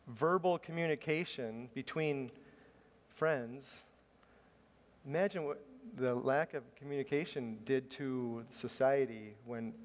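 Man preaching in a reverberant church hall. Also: a little high. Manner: chatty, self-deprecating storytelling with laughs. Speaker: pastor. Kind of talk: sermon with personal story.

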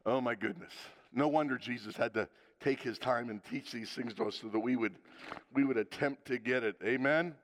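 A man's voice: mid-range voice, normal speed, big-room sound. A man in his sixties preaching a sermon, telling funny stories from his marriage and acting out the lines of the people in them. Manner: animated storytelling with acted quotes and laughter. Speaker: pastor.

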